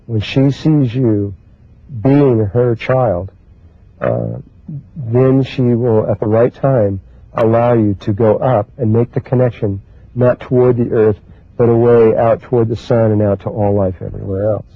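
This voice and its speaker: A man giving a spiritual talk in a slow, halting way, pausing often and restarting his sentences. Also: mid-range voice, steady tone, no echo. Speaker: spiritual teacher. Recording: husky, dry, phone-like lo-fi recording.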